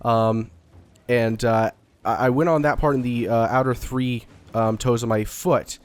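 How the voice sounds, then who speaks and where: A man's voice: mid-range voice, fairly even intonation, unhurried, clean tone, no echo. Young man from Texas, a bit stuffy from a cold, rambling let's-play talk with casual swearing and lots of ums. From Dallas–Fort Worth area, Texas. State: getting over a cold. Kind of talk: casual gameplay commentary.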